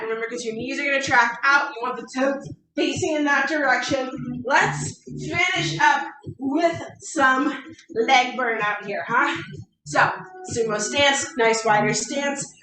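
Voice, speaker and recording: A woman's voice: sits high, noisy background. A woman fitness coach leading a workout, encouraging and counting down the reps. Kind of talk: workout instruction. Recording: echoey room, distant mic.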